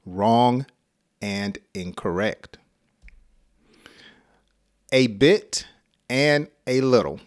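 A man with an American accent and a mid-range voice gives a scripted English lesson. He speaks very slowly and pronounces every word with care. He lets out a light chuckle now and then. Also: mid-range voice, lively intonation. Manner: slow, deliberate and clearly spoken, with light chuckles. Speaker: English teacher.

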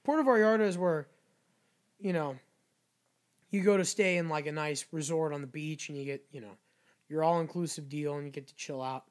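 A man's voice: fairly high pitch, a little fast, pauses often. A man from Mexico co-hosting a podcast, telling stories animatedly, swearing often and acting out what people said. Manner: animated storyteller, swears constantly, acts out quotes. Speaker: podcast co-host. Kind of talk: casual chat.

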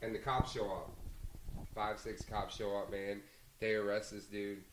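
Rambling, swearing bartender telling a story. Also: male voice, on the low side, level tone, a little slow, rough recording. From Argentina. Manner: rambling, heavy on fillers and swearing. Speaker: bartender, podcast guest. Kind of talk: casual storytelling.

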